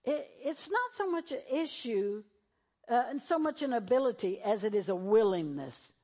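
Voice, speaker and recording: A woman's voice: mid-range voice, darkish tone. A middle-aged woman pastor preaching a sermon in a conversational way, acting out the voices she quotes.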